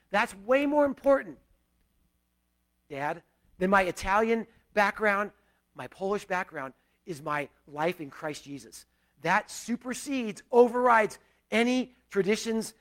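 A middle-aged male pastor preaching a sermon in a conversational way, with personal asides and swings between loud and quiet. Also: high-pitched.

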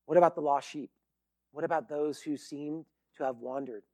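High-voiced male pastor preaching. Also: steady tone, moderate pace, a little mellow, no room sound, studio quality. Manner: conversational, earnest, with fillers. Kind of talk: sermon.

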